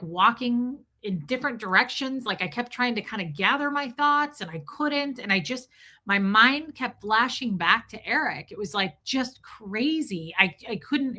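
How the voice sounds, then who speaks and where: Bright-voiced chatty woman livestreamer. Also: on the high side. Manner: chatty and emotional, with restarts and stumbles. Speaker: livestream host reading viewer comments. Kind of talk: casual livestream chat.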